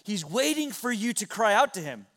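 A middle-aged male pastor preaching a sermon in a church, earnest, dropping to hushed tones and rising to loud exclamations. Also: sits high, sing-song, moderate pace. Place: church sanctuary.

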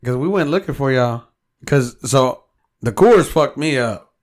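A man's voice: mid-range voice, animated, a little slow. A man co-hosting a podcast, telling a rambling story in casual chat and cursing often. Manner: storytelling, heavy swearing, quotes himself. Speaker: podcast co-host.

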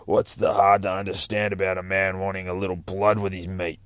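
A man reading a comic aloud and voicing a menacing, huge male brute who sneers out slow, low threats. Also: level tone, fairly bright tone, no echo. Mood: surly.

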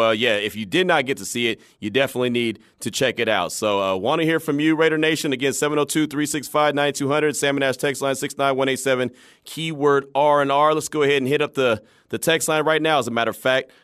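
A man hosting a sports talk radio show, chatting with animated energy and laughing easily. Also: mid-range voice, brisk, clear, resonant tone, dry recording, clean studio sound.

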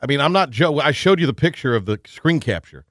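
A man's voice: mid-range voice, no room sound. A man hosting a sports talk radio show, chatting and joking casually with his co-host, often restarting his sentences. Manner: animated, quick to joke, restarts sentences.

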